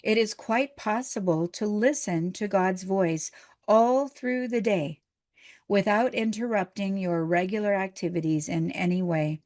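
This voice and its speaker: Woman minister, middle-aged, mid-pitched voice; gentle, encouraging sermon delivery. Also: unhurried. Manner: gentle, encouraging, conversational preaching.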